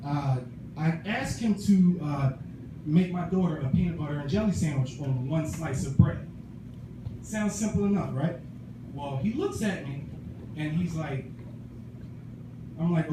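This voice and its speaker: Man, stand-up comedian, animated storytelling, echoey club, distant mic. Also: a little high, a little slow, long pauses. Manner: animated storytelling, acts out friends' voices. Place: small comedy club stage. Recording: echoey room, far mic, noisy.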